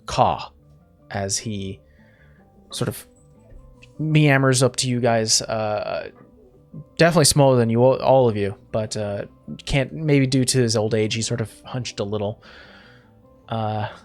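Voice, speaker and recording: A man's voice: medium pitch, a little slow, pauses often. Man narrating a tabletop game, music behind. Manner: rambling description full of fillers and restarts. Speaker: game master.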